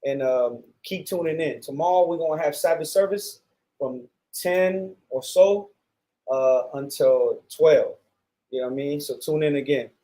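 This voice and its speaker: American guy preaching, kinda fired up, lots of repeats and fillers, voice a bit high but mellow. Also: measured pace. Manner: repetitive, fervent, with many fillers. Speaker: street preacher teaching a class. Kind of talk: preaching lecture.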